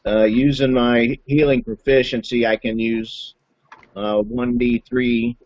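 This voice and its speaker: A man's voice: mid-range voice, fairly even intonation, takes it slowly, darkish tone, dull audio. A man playing a tabletop game, thinking aloud methodically. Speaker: player. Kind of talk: casual game talk.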